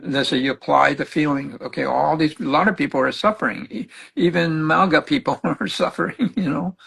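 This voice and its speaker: Gravelly older man counseling. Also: on the high side, fairly quick, poor audio. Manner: animated storytelling, acts out clients' words. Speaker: spiritual counselor, guest. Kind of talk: conversational teaching.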